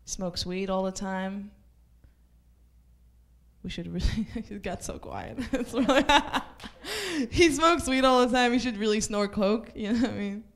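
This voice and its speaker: A woman from Israel with an Israeli accent and Hebrew as her first language, doing a stand-up set at a small comedy club with offhand dark jokes and lots of "like" fillers. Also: medium pitch, measured pace. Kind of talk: open-mic stand-up set.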